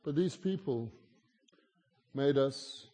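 This time the South African guest preacher sounds medium-pitched, mellow, and husky, speaking slowly and expressively. His humorous sermon, in a South African accent, mixes chatty storytelling with teasing of the audience, echoing with the long reverb of a large hall.

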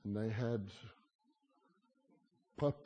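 A South African man with a lowish, warm voice speaks very slowly over soft background music, preaching a humorous guest sermon. He tells chatty stories and teases his audience, and the large hall adds a long reverb.

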